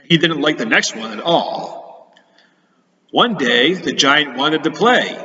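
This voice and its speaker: A playful man reads a storybook aloud to children. His bright voice rises and falls in a lively way. The recording is dull and lo-fi, with a long hall echo. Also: fairly high pitch, slow. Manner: playful, chatty, expressive when reading. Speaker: teacher reading to children. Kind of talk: storybook read-aloud for kids. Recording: echoey hall, dull lo-fi sound.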